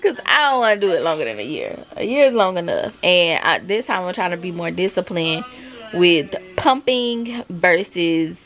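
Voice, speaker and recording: A woman's voice: lowish voice, sing-song, normal speed, fairly bright tone. A woman in her thirties, a mother chatting casually and confidingly to her viewers at home. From South Carolina, US. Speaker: vlogger, mother. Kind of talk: casual chat to camera.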